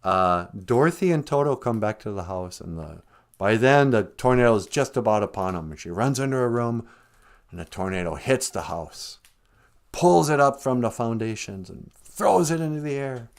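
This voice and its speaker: Animated casual male storyteller. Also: medium pitch, normal speed. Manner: animated and casual, humming and singing snatches. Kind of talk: live-stream storytelling.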